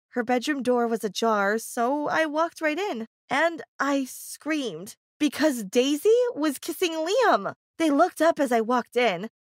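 A woman's voice: high-pitched, no echo, studio quality. A woman reading a scripted first-person story in an emotive, confessional way.

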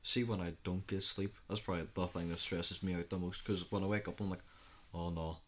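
This is a boy of thirteen with a low voice, co-hosting a youth podcast. He chats casually, tells anecdotes and acts out what he and his friends said. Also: level tone, fast. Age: 13, teenager. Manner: chatty storyteller, acts out his own reactions. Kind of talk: casual chat.

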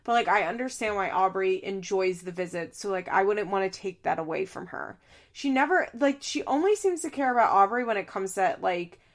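A woman's voice: mid-range voice, lively intonation, fairly quick. A young woman giving heated, exasperated casual commentary, full of "like" fillers and swearing. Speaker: reality TV commentator.

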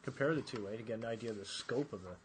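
A man's voice: mid-range voice, very fast, slight background noise. A man co-hosting a casual podcast, joking and rambling through banter with his co-host. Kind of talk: casual chat.

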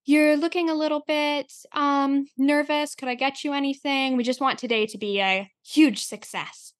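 A bubbly female zoo director doll, voiced by a woman in a tabletop role-play. She sounds sing-song and overly cheerful, pitched a little high and fussing over her staff. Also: fairly even intonation, moderate pace, close to an everyday voice. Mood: perky. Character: chipper female zoo director Barbie, attentive.

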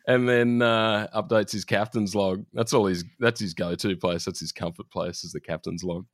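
A man's voice: fairly low pitch, steady tone, moderate pace, dry recording. A man co-hosting a podcast, recapping an episode in a laid-back way with dry jokes. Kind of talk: casual chat.

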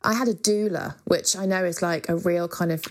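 A woman's voice: lowish voice, fairly even intonation, moderate pace. A woman, a musician, talking frankly and chattily as a guest in an interview. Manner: frank, chatty, with many fillers and casual swearing. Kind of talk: candid interview conversation.

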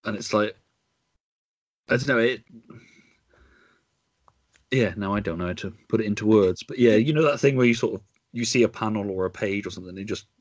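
Low-voiced guy on a podcast, hesitant, fumbling for words, dry close sound. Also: fairly quick, pauses often, no room sound. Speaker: podcast host. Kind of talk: casual chat.

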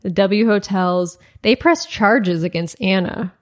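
A woman's voice: mid-range voice, takes it slowly. A woman co-hosting a podcast, casually retelling a story and acting out the quoted lines, with lots of "like" fillers. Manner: animated retelling, acts out quoted dialogue, many "like" fillers. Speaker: podcast co-host.

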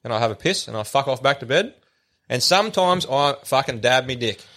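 A man's voice: mid-range voice, expressive, a little fast, bright, forceful tone. An Australian man telling crude jokes and stories on a podcast, swearing constantly in broad slang. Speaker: podcast guest. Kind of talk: casual joke telling and banter.

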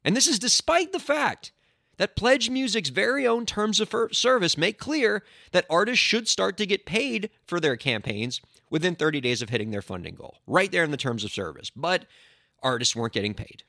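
A man hosting a solo podcast as an entertainment lawyer, talking in an animated, indignant way with playful sarcasm into a close microphone. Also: high voice, normal speed, vocal fry, dry recording.

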